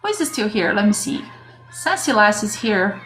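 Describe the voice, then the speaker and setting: A woman's voice: mid-range voice, very animated, normal speed, fairly bright tone, faint music behind. A woman teaching an English grammar lesson on a livestream, chatting with viewers and greeting them by name.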